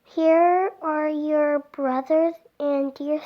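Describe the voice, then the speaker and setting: A woman reading a children's picture book aloud in a slow, clear, sing-song way for small children. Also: high voice, steady tone, dull audio. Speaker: storybook reader.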